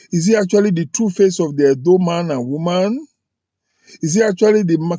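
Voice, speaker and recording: A man's voice: sits high, mellow, no room sound, highs cut off. A man from Edo with a Nigerian accent and Pidgin phrases, giving emphatic political commentary straight to his listeners. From Edo State, Nigeria. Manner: emphatic, addresses listeners directly, fills pauses with "uh". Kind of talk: opinionated political commentary to camera.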